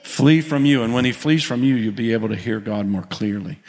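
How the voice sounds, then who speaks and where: A man preaching a sermon in a church, animated, calling out to the congregation as he tells a story. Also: mid-range voice, fairly quick. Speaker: pastor. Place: church sanctuary. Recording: long hall reverb.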